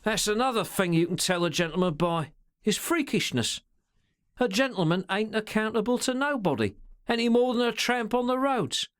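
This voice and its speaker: A man voicing a sly, stealthy male secretary in a storybook, with slangy, sneering, drawn-out remarks. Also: high-pitched, lively intonation, pitched above the performer's own voice. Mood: scornful.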